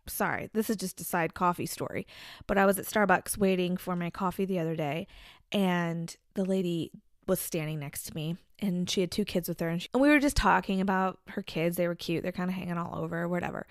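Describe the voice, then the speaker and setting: A young woman co-hosting a podcast in casual chat, talkative and quick to laugh, telling little stories with plenty of asides. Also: on the low side, dry recording, clean studio sound. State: pregnant. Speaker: podcast co-host.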